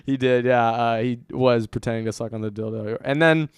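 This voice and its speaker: A young man co-hosting a casual podcast, telling an animated story full of acted-out quotes and frequent laughter. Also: mid-range voice, normal speed, clear, resonant tone, no room sound, clean studio sound. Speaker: podcast co-host.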